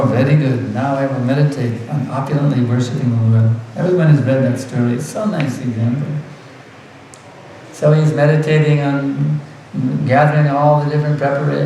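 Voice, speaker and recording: A man's voice: fairly high pitch, warm tone, very echoey, recorded from a distance, slight background noise, low-quality recording. A man giving a devotional lecture as a spiritual teacher, earnest and repeating words for emphasis, with light laughs.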